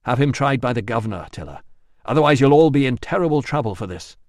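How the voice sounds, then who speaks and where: An army doctor issuing urgent, commanding demands, played by a male narrator. It stays near the narrator's own lively voice, recorded dry. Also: mid-range voice, quick pace, dry recording, close to an everyday voice.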